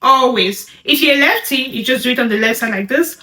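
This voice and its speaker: A woman teaching sign language, naming each sign and repeating it slowly as she demonstrates. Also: sits high, sharp tone, echoey room.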